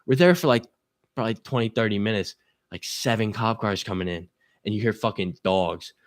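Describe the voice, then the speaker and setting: A young man telling a story on a talk show as a guest, animated and swearing, acting out the voices of the people in it. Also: on the low side, brisk, dry recording, studio quality. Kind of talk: casual storytelling.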